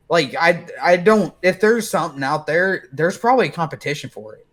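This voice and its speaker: A man co-hosting a podcast, chiming in with quick jokes and telling a short story. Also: high voice, lively intonation, a bit bright. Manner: joking, chimes in with quips. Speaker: podcast co-host. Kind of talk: casual podcast chat.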